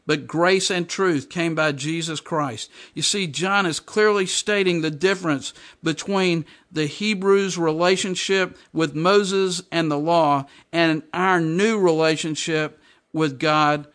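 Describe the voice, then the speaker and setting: A man's voice: on the high side, a bit bright. A man preaching a sermon, reading scripture aloud and explaining it with emphatic repetition. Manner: emphatic, repeats and explains verses.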